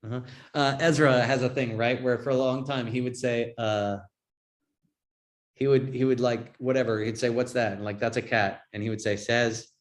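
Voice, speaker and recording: A man's voice: mid-range voice, fairly even intonation, moderate pace. A man teaching a yoga and Buddhism class in a casual, chatty way, often checking in with "right?". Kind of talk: informal class talk.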